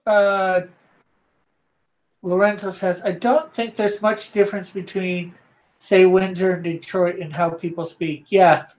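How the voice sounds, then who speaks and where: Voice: medium pitch, steady tone, measured pace, a little mellow. A host from Canada, chatting casually on a live drawing stream and reading viewer comments aloud in an easygoing way. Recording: dull lo-fi sound.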